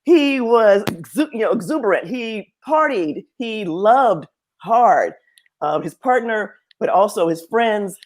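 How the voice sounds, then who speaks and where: A woman professor in casual panel conversation, animated and laughing often, acting out other people's voices. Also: mid-range voice, slow. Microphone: video call.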